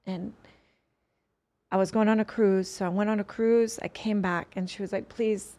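Woman, podcast guest, earnest personal storytelling, rambling, frequent restarts, middle pitch. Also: fairly even intonation, moderate pace, warm tone.

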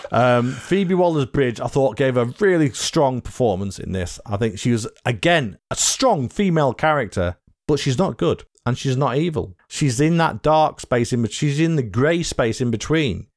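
A man's voice: mid-range voice, lively intonation, normal speed, no room sound, studio quality. A British man co-hosting a podcast, chatting casually about films, swearing freely and rambling with restarts. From Britain. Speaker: podcast co-host. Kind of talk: casual film chat.

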